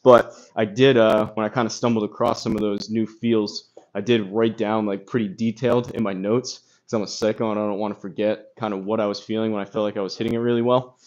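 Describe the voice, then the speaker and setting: A man's voice: on the low side, flat delivery, quick pace, hardly any pauses, a little mellow. A man casually chatting on a golf live stream, rambling with lots of fillers and reading chat comments aloud, recorded on a phone. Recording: slightly dull phone audio with crackle.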